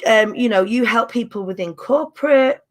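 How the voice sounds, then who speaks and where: Casting: woman host, chatty and bubbly, slightly high voice. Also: moderate pace. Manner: chatty, bubbly, laughs often. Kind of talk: casual chat.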